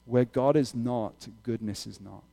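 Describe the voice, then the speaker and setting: A man preaching a sermon as pastor, conversational and animated, with sudden loud emphasis. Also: medium pitch, a little slow, gravelly.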